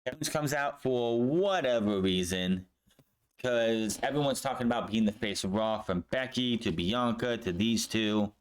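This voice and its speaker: A man's voice: mid-range voice, a little slow. Blunt, sarcastic man recapping from home. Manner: blunt, sarcastic, swears freely. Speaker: wrestling show reviewer. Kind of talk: casual recap commentary. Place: home room.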